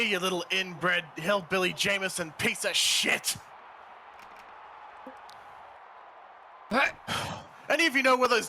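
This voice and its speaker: A man's voice: high-pitched, pushed and bright, a little hiss or hum, heavily acted. A man voicing a volatile, angry male wrestler in an amateur voice drama, snarling and swearing often. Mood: contemptuous. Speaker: wrestler character.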